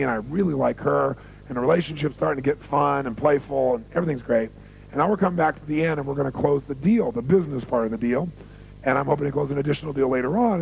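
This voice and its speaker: A man telling stories in a motivational seminar, animated and full of rhetorical questions to the audience. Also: a little high, gravelly, a little hiss or hum, poor audio. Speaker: seminar speaker.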